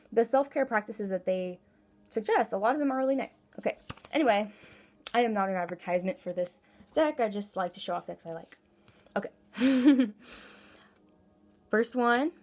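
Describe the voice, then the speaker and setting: A woman's voice: medium pitch, a little mellow. A woman giving a casual, intuitive tarot reading to camera, rambling and effusive, with lots of fillers and self-interruptions. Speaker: tarot reader.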